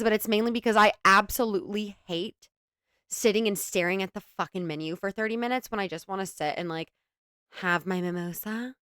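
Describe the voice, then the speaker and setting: A woman's voice: mid-range voice, a bit bright, smooth, dry recording, studio quality. A young woman hosting a reaction video, sarcastic and giggly, swearing freely as she comments.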